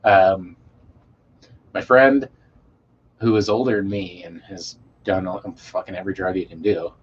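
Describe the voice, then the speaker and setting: A man telling a rambling story to a live chat, swearing a lot and trailing off into quiet mumbles. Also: low-pitched, steady tone, unhurried. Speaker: streamer reading chat. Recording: dull lo-fi mic with faint hiss.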